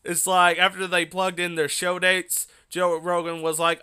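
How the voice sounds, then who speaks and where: A man hosting a solo podcast, telling a story in an excitable, animated way, often laughing, recorded on a phone. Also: high-pitched, measured pace, few pauses, clear, resonant tone. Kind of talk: casual storytelling monologue.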